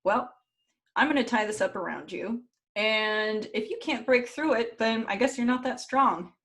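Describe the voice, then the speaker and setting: A woman voicing a scheming male chief god who talks in a smooth, coaxing way. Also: on the high side, moderate pace, a bit bright, voice pushed up.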